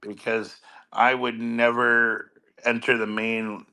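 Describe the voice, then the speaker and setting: A man with a bright, forceful tone talks in a casual chat. He stumbles and restarts often, repeating words before he finds his point. His pitch sits in an ordinary middle range. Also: flat delivery, slow pace.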